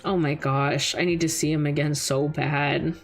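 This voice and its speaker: A young woman streamer telling a personal story in casual chat, rambling with lots of fillers and jumping higher when she quotes people. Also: steady tone, moderate pace, soft background music. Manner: acts out quoted voices in a higher pitch. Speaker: VTuber streamer.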